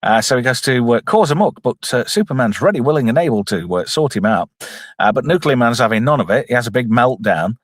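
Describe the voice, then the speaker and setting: Jokey man, lively voice. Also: mid-range voice, quick pace, dry recording, clean studio sound. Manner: jokey, reads out chat, puts on silly voices. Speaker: streamer reviewing a film. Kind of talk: casual live commentary.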